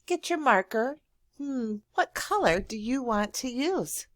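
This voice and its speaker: A woman teacher giving a slow, encouraging lesson to young children, drawing out words and praising often. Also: on the high side, lively intonation, fairly bright tone, no echo, studio quality. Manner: drawn-out words, frequent praise and thinking hums.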